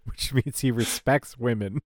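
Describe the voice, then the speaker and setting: A man's voice: medium pitch, unhurried, a crowd in the background. A man co-hosting a podcast, casually recapping a TV episode and slipping into sarcastic, rambling rants with mock voices. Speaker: podcast co-host.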